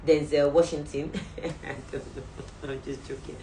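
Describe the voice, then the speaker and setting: A woman's voice: low-pitched, little pitch movement, normal speed, distant mic. A Nigerian woman hosting a faith show, giving earnest, chatty exhortations as she signs off a livestream. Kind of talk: livestream sign-off talk. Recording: roomy, off-mic, faint background hum.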